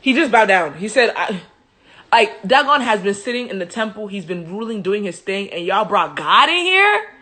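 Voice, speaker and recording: A woman hosting a live stream, retelling and joking through a Bible story in an animated, slangy way. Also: mid-range voice, normal speed. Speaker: host.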